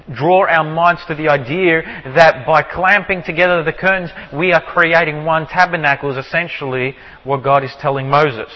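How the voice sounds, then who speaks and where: A man teaching from the Bible in sermon style, asking his listeners rhetorical questions and slowing down to stress key phrases. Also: a little high, pushed and bright, dull audio. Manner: asks the audience many rhetorical questions. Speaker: preacher teaching on scripture. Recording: long hall reverb.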